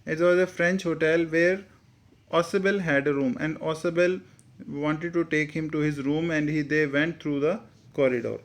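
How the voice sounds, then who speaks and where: Man, Indian English accent, teacher explaining a story, slightly high voice, mixes in Hindi. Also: steady tone, moderate pace. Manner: reads a sentence, then re-explains it in simple words with Hindi asides. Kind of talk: explaining a textbook story line by line.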